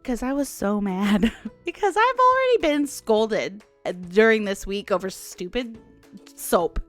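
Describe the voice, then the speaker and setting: A woman hosting a podcast, telling stories in a chatty, animated way and laughing often. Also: medium pitch, measured pace, no echo, faint music behind. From United States. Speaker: podcast host. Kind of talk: casual storytelling monologue.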